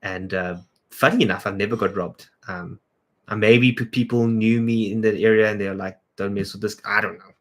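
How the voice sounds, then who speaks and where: A man from South Africa hosts a loose, chatty livestream, his voice sitting a little low. He greets viewers by name and answers their comments off the cuff, as a creative director talking between jobs. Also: steady tone, normal speed. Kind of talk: casual livestream chat.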